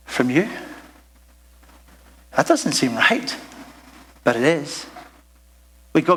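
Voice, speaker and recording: A man's voice: on the high side, moderate pace, pauses often, fairly bright tone. A man preaching a sermon at a church service in a rambling, jokey way, full of asides, on a stage microphone. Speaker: pastor.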